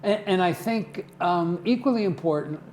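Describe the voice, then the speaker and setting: A man's voice: sits high, moderate pace, a little mellow, a little hiss or hum. An older man guesting on a community TV show, telling casual stories in a chatty way and often checking in with "okay?". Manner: chatty, tags remarks with "okay?". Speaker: guest, community theater volunteer. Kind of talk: casual storytelling. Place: television studio.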